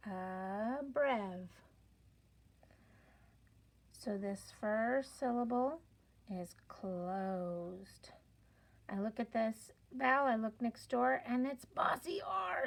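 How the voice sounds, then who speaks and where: A woman with a medium-pitched voice teaches a phonics lesson to children. She spells out the sounds slowly and clearly, adding playful, encouraging emphasis.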